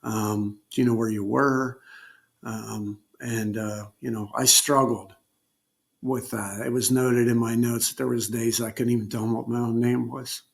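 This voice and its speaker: A man recounting a personal ordeal as an interview guest, speaking haltingly with frequent pauses and filler words. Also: medium pitch, level tone, vocal fry. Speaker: guest telling his survival story. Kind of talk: unscripted personal storytelling.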